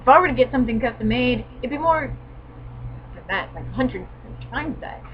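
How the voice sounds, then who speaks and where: A woman's voice: fairly high pitch, expressive, moderate pace, dull audio, slight background noise. A woman reviewing an anime in sarcastic, casual commentary, full of profane, mock-exasperated asides.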